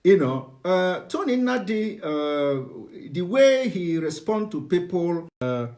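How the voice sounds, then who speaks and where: A middle-aged Nigerian man gives a live broadcast monologue in a somewhat high voice. He lectures his audience, stopping often on "uh" and restarting his sentences. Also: very animated, darkish tone. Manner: halting, many "uh" fillers and restarts, lecturing. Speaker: host of a live online broadcast.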